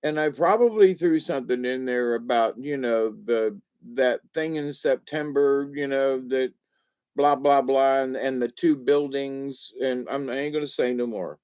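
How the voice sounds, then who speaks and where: Slow, amused man in his seventies. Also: medium pitch, clear, resonant tone, lo-fi sound. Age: 70s. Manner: amused, chuckles often, rambling with restarts. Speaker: livestream host reading chat. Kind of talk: casual rambling livestream chat.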